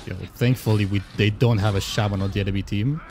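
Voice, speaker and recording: A man's voice: fairly low pitch, quick pace. A man streaming a video game, chatting casually with viewers, swearing and yelping at the action. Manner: excitable, swearing, yelps at the action. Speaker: gaming streamer. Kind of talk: casual live-stream commentary while playing.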